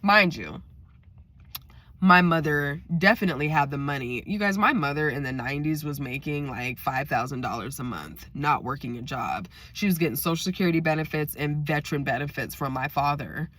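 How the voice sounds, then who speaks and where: A woman telling a personal story in a direct, animated, chatty way. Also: sits low, a little fast, few pauses. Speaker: vlogger. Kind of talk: casual storytime.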